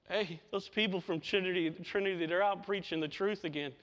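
A man with a high voice preaches a sermon in a church, his words trailing off into the long echo of the hall. He talks with passion and often repeats words to drive home his point. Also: fairly even intonation, a little fast, hardly any pauses, fairly bright tone. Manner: impassioned, repeats words when stressing a point. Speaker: pastor. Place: church sanctuary.

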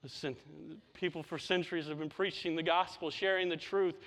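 A man's voice: a little high, fairly even intonation, fairly quick, fairly bright tone. A man preaching a sermon to his church, impassioned, often repeating words as he stresses a point. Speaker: pastor. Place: church sanctuary. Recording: long reverb of a hall.

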